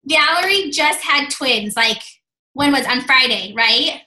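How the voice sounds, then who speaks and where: A high-pitched woman with a bright, forceful voice hosts a team call and heaps on effusive praise. Her voice rings with a roomy echo. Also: expressive, unhurried. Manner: effusive, many fillers like "like" and "um". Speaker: host of a team video call. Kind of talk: gushing, upbeat team-call chat.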